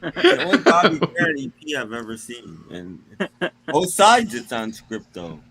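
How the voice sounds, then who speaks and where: Brief: easygoing male co-host, husky, lively intonation. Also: medium pitch, measured pace, poor audio. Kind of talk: casual live-stream chat.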